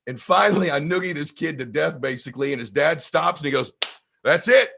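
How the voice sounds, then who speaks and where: A man telling a personal story in an energetic, conversational way as a podcast guest. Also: fairly high pitch, fast talker, creaky, noisy background. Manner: energetic, conversational, acts out voices. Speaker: guest speaker.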